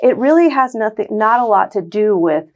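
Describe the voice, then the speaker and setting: Woman cohost musing out loud, earnest and reflective, keeps restarting her sentences. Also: mid-range voice, expressive, moderate pace. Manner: earnest, thoughtful, lots of restarts. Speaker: podcast co-host. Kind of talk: reflective casual chat.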